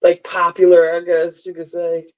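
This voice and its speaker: A woman co-hosting a livestream, chatting casually with a teasing, curious manner and quick questions. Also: on the low side, completely flat delivery, a little mellow, poor audio. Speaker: livestream co-host.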